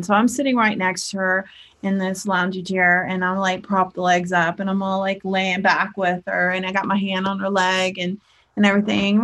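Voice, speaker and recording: A woman chatting casually to her viewers over a webcam, telling a family story. She talks the way people do in everyday conversation, full of "you know" and "like". Her pitch sits in the ordinary middle range. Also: a bit bright. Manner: chatty, storytelling with lots of fillers. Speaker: spiritual teacher and life coach. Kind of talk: casual livestream talk.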